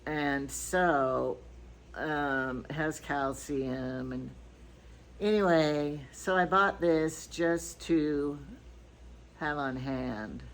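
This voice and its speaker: A woman's voice: deep voice, extremely slow, a little hiss or hum, rough recording. An older grandmother chatting casually through a shopping haul, rambling from item to item with stories and asides. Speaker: vlogger.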